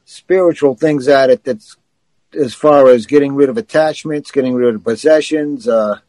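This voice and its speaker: A man's voice: mid-range voice, moderate pace, mellow, dry recording, poor audio. A man co-hosting a podcast, talking in an earnest, matter-of-fact way. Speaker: podcast co-host. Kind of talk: casual chat.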